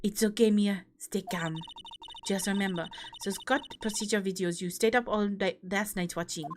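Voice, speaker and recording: A woman's voice: medium pitch, fairly even intonation, moderate pace, a little hiss or hum. A woman gaming streamer chatting in amused asides during a playthrough. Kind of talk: casual playthrough commentary.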